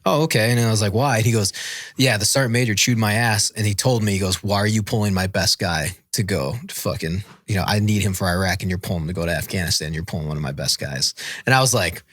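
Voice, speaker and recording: A man's voice: on the low side, fast talker, a bit bright, dry recording, studio quality. A man in his thirties, a former Marine, telling a long war story in casual, profane, rambling talk and acting out what others said. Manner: rambling, profane, acts out quotes. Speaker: podcast guest, former Marine.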